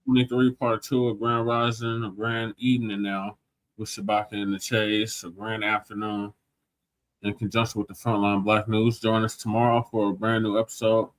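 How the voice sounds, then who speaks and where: A man's voice: lowish voice, no room sound, rough recording. A man co-hosting an online talk show who drops in short quips and reads off the sign-off. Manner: chimes in with short quips, then reads the outro quickly. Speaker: co-host. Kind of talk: casual chat and show sign-off.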